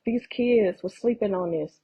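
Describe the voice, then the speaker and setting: A woman's voice: medium pitch, a little slow, breathy edge, muffled recording. A woman filming a walk through a house, talking to her viewers in shocked, profane remarks that sometimes drop to a whisper. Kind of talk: narrated home walk-through video. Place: inside a house.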